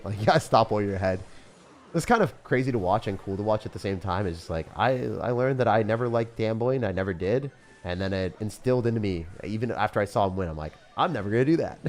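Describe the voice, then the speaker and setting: A laid-back young man with a fairly low voice, chatting loosely with his stream viewers. He drops dude and bro all the time and laughs easily. Soft music plays faintly under his talk. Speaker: game streamer. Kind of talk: casual live-stream chat.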